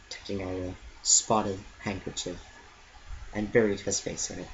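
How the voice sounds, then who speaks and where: A man giving an earnest, steady amateur storybook reading, stumbling now and then. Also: low-pitched, measured pace, lo-fi sound, slight background noise. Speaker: reader.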